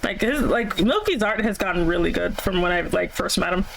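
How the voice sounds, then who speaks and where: A woman's voice: lowish voice, expressive, a little fast, vocal fry, slight background noise, poor audio. A woman streamer chatting casually on a call, rambling with plenty of fillers and frequent laughter. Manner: giggly, rambling, lots of fillers. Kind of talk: casual chat on a livestream. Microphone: voice chat call.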